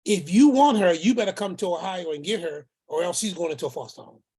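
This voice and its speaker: Husky man telling a story with emphatic repetition. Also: sits high, quick pace, a little mellow. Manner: acts out the voices in his story, repeats words for emphasis. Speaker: uncle telling a family story. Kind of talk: storytelling talk.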